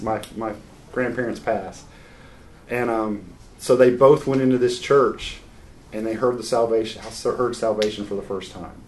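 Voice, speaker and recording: A man's voice: mid-range voice, darkish tone, a little hiss or hum. A man preaching a sermon, earnest and unscripted, moving from scripture into a family story with frequent restarts.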